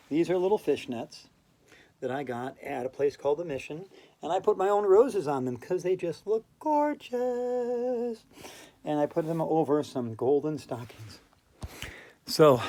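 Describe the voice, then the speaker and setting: A woman's voice: sits low, warm tone. A woman hosting a playful yoga routine, giggling and laughing through the poses. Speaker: yoga video host.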